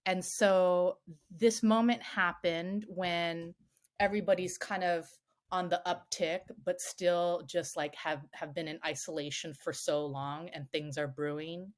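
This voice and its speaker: Woman, middle-aged, podcast guest, candid storytelling, animated, swears, lowish voice. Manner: animated, swears freely, acts out quoted voices.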